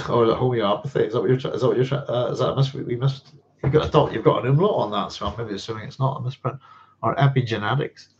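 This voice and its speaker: A man's voice: mid-range voice, fast talker, slight background noise. A man hosting a live science fiction Q&A, chatting casually and rambling, with many fillers and restarts and frequent chuckles. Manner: chuckles often. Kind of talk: casual livestream chat answering viewer questions. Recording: dull lo-fi sound.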